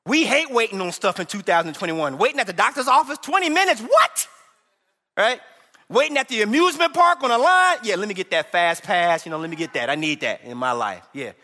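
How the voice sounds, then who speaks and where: A man preaching a sermon as associate pastor, animated and humorous, calling out to the congregation. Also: high voice, brisk, big-room sound.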